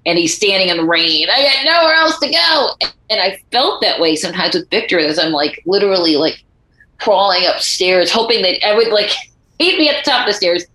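Bright-voiced woman telling animated stories. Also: lowish voice, fairly quick, roomy sound, poor audio. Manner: animated storyteller acting out quoted voices. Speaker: author and guest. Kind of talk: conversational interview.

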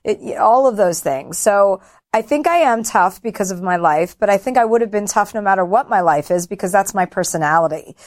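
A woman's voice: medium pitch, lively intonation, fairly quick. A middle-aged woman, a comedian and former talk show host, talking bluntly and openly about her feelings in an interview, often poking fun at herself. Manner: blunt, self-deprecating, open about feelings. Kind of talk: candid interview conversation.

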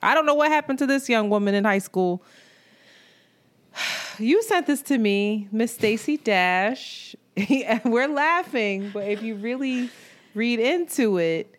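A woman's voice: a little high, expressive, slow. A woman co-hosting a podcast in casual chat, talking candidly and with plenty of swearing. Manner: candid and profane, with frequent laughs. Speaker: podcast co-host.

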